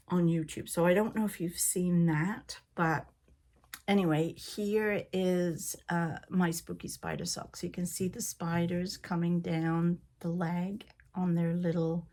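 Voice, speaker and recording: An older woman with a Liverpool accent softened by Canada hosts a knitting show, chatting and rambling with frequent laughs. Her voice sits on the lower side and still carries traces of a recent cold. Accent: Liverpool with Canadian influence. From Liverpool, England. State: recovering from a cold. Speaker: knitting podcast host. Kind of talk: casual chat.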